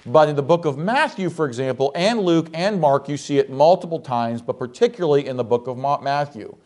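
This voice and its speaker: A man's voice: on the high side, lively intonation, a little fast, darkish tone. A man, the pastor, preaching a sermon in a church, reading scripture aloud and asking the congregation rhetorical questions.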